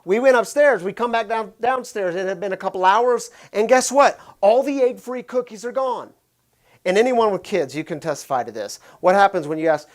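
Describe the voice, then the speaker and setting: A man's voice: high-pitched, moderate pace. A man in his thirties preaching a sermon, telling a family story in a chatty way and asking the listeners questions. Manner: conversational, asks the listeners questions. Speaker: pastor.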